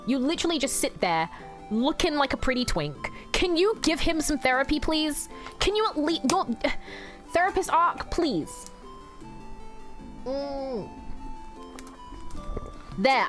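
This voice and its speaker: A woman streamer rambling through emotional live commentary on a game, swearing freely and talking back to chat. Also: sits high.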